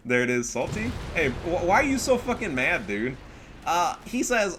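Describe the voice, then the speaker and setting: A man casting a game replay, excitable and profane, full of trash talk. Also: medium pitch, fairly quick, background noise. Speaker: gaming commentator. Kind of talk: casual replay commentary.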